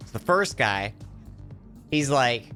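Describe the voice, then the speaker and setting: A male streamer talks casually to his viewers, stumbling through a long joke with repeated words and restarts. His voice sits at an ordinary pitch. Faint game music plays quietly behind him. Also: lively intonation, takes it slowly. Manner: rambling joke-telling, stammering restarts. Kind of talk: casual live-stream chat while gaming.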